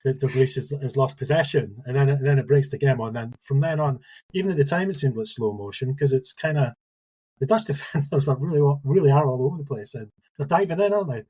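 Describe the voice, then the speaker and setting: A man's voice: medium pitch, quick pace, darkish tone, husky, rough recording. A man on a football podcast, casually reminiscing and agreeing with the others. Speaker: podcast co-host.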